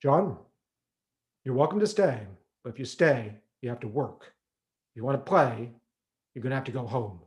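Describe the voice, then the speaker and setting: A man playing a hearty middle-aged scoutmaster who addresses a crowd in a folksy, speechifying way with "uh" pauses. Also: medium pitch, animated, lightly acted. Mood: stern.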